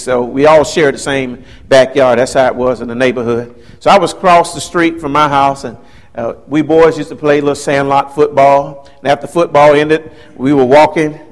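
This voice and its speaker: A man in his fifties telling a personal childhood story, acting out the voices of the people in it. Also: on the high side. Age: 50s. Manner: animated storyteller, acts out quoted voices.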